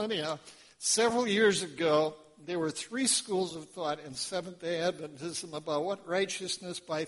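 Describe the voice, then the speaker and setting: A male pastor preaching a sermon, telling a story in an animated way, acting out voices and quizzing the congregation. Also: sits high.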